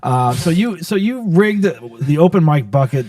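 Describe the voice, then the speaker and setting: A man's voice: fairly high pitch, expressive, measured pace, darkish tone, no room sound, studio quality, recorded from a distance. A man hosting a comedy podcast, talking in a loose, rambling way with many ums and restarts. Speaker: podcast host. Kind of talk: casual podcast chat.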